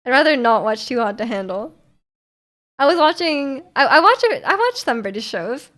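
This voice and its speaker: Chatty young woman with a high voice. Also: very animated, moderate pace, fairly bright tone. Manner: rambling and chatty, laughs often, answers chat. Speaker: livestreamer. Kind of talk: casual chat.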